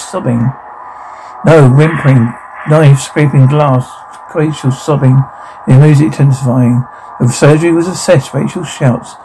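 A man reading a horror game's dialogue and sound captions aloud, rushing through the lines and often stumbling and restarting. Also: medium pitch, mellow, low-quality recording. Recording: clear background noise.

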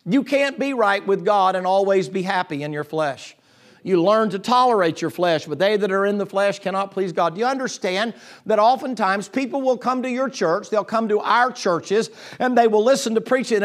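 A man preaching a sermon as pastor, swinging from low confiding tones to loud, excited bursts and restarting his sentences. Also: moderate pace.

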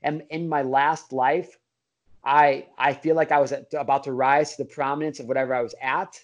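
A man's voice: mid-range voice, flat delivery, moderate pace. Laid-back bro-talking man, lo-fi sound. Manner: laid-back bro slang, many fillers and restarts. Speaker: podcast guest. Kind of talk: casual storytelling. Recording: dull lo-fi audio.

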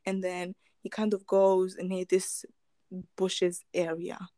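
A woman's voice: fairly low pitch, completely flat delivery, slow, mellow, no echo. A woman casually retelling a true crime story, rambling with fillers, restarts and chuckling asides.

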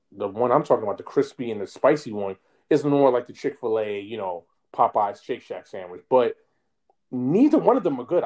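A male podcast co-host talking casually with a mid-range voice. His pitch moves a lot as he makes emphatic points. He laughs easily between remarks. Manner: animated, laughs often, emphatic opinions. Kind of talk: casual chat.

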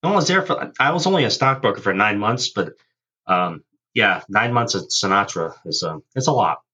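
Husky man, bright tense voice, swearing, animated comedic banter. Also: normal speed. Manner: loud, swearing, animated, squeaky outbursts. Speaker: co-host. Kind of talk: profane improv banter.

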